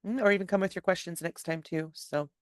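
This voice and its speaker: A woman with a fairly low voice hosts an online training session, friendly and a little hesitant as she reads out comments. The sound is dry and close, straight from a video call. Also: fairly even intonation, quick pace, dry recording. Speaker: session moderator. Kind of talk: webinar hosting.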